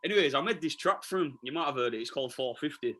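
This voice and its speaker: A man's voice: on the high side, lively intonation, racing, fairly bright tone, rough recording. A man with a Leeds accent, a DJ talking chattily and eagerly as a podcast guest, with lots of restarts and fillers. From Leeds, England. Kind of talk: casual podcast interview.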